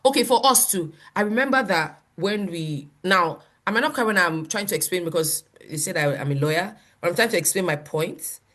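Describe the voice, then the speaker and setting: Nigerian woman, pastor; lively conversational teaching, acts out quotes. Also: fairly low pitch, fairly quick, few pauses. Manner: animated, laughs often, quotes people in voices.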